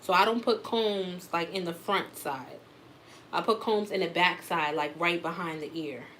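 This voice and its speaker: A woman's voice: on the low side, measured pace, a bit bright, a little hiss or hum. A woman teaching a live wig-making class, explaining steps in a casual, chatty way.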